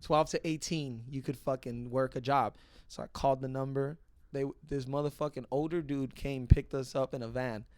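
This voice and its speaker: A young man telling a profane, animated story in a casual podcast chat. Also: medium pitch, normal speed, smooth, no echo, studio quality. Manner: profane, animated, acts out other people's voices. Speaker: podcast guest.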